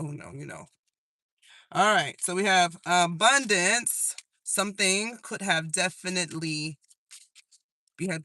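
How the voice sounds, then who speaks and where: A man's voice: fairly high pitch, pushed and bright, dry recording. A man giving a live tarot reading to his audience, casual and profane, laughing at his own jokes as he talks through the cards. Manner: breaks into singing old songs. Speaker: tarot reader.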